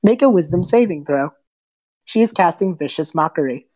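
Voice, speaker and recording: A woman's voice: fairly low pitch, expressive, moderate pace, dark tone, rough recording. A woman narrating as game master of a tabletop game, friendly and hesitant, with many fillers.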